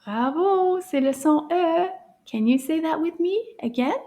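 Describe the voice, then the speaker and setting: High, slow-speaking cheerful woman teacher. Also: animated. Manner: cheerful and encouraging, repeats words slowly and clearly; drops into hushed whispers for surprises. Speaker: French teacher for children. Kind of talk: children's language lesson.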